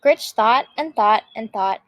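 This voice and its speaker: A woman teacher reading a picture book aloud with lively expression. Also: fairly high pitch, measured pace, no room sound, dull audio.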